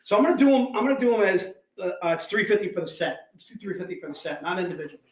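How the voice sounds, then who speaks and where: A high-voiced man hosts a livestream sale of collectibles with hyped, joking energy. His voice rings out in an echoey room. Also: lively intonation, racing. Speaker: host selling collectibles. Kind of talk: livestream sales pitch.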